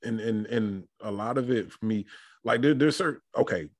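Podcast host, man, low husky voice, dry room. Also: normal speed, no echo. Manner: laughs often, thinks aloud with restarts. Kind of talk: casual chat.

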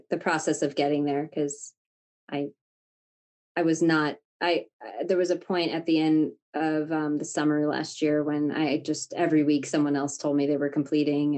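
A woman coach talking candidly in a casual podcast conversation, animated and swearing freely. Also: low-pitched. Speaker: guest, creative coach.

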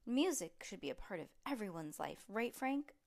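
A woman's voice: medium pitch, sing-song, normal speed, vocal fry, a little mellow. A woman voicing a cheerful, friendly male music teacher in a storybook reading. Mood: encouraging.

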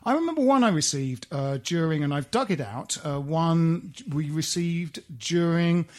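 A man hosting a casual football podcast, with dry, wordy, deadpan wit. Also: on the high side, normal speed. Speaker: podcast host.

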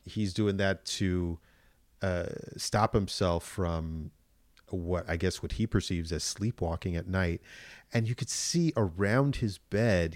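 A man chatting casually about a TV show, animated, acting out his reactions and swearing freely. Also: sits low, no room sound. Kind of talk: casual review chat.

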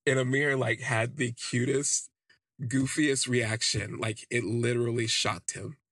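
A man's voice: mid-range voice, steady tone, a little slow, fairly bright tone, breathy edge, no echo, studio quality. A man hosting a podcast, telling a candid personal story in a rambling way full of "like" fillers. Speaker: podcast host.

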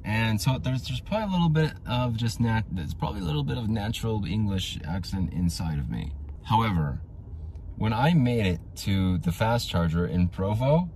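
A man hosting his own podcast, telling rambling, tangent-filled stories in a casual way, with audible vocal fry. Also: low-pitched, darkish tone, slight background noise. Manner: rambling, tangent-prone storytelling. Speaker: podcast host.

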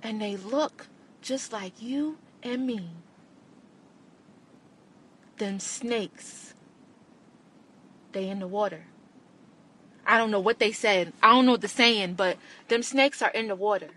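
A woman's voice: on the high side, moderate pace, sharp tone, slight background noise. A woman podcast host, giving an impassioned monologue and repeating lines for emphasis.

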